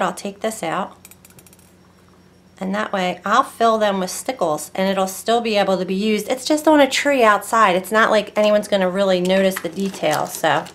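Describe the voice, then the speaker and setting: A woman's voice: medium pitch, a bit bright, slight background noise. Chatty woman rambling through a craft tutorial. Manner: rambling, chatty, self-interrupting. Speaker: craft vlogger. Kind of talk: casual crafting tutorial chat.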